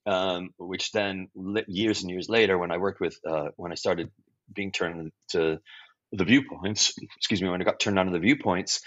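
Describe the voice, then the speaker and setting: A man in his sixties, a guest improviser and teacher, tells stories in an interview, often restarting, correcting himself and tossing in blunt asides with occasional swearing. His voice is fairly low, a bit bright and slightly rough. The audio is dull and lo-fi.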